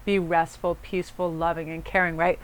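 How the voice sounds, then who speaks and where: Lady doing a pick-a-card reading, smooth clear voice, chatty and rambly, calm spiritual vibe. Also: on the low side, brisk. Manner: chatty, rambling, self-correcting; soothing, spiritual guidance tone. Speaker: tarot card reader.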